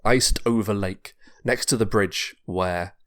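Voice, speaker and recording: A man on a podcast, casually narrating a pitched story, rambling and repeating words. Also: slow pace, a bit bright. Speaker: podcast host.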